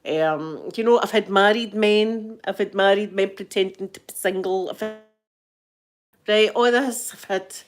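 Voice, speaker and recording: A woman's voice: medium pitch, measured pace. A middle-aged Scottish woman chatting casually on a live stream, greeting viewers by name and laughing often. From Scotland.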